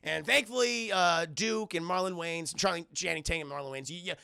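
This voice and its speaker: A man casually recapping a film to his live chat, rambling, swearing and excitable, keeps calling out to the chat. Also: high-pitched, brisk, gravelly, clean tone, dry recording, clean studio sound. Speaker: film reviewer streaming to chat.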